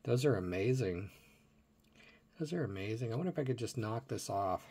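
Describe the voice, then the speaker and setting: A man's voice: lowish voice, animated, normal speed, very noisy. A middle-aged man casually showing toy cars from his collection, thinking aloud and asking viewers what they would do. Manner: chatty and musing aloud, asking viewers questions. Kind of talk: casual hands-on show-and-tell.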